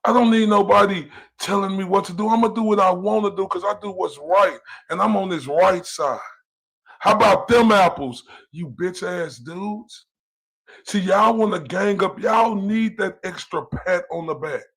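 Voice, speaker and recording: A Dallas, Texas man hosts a livestream, launching into a heated rant that's profane, taunting, and confrontational. His voice is high and husky with a slight brightness, and he talks at a normal speed.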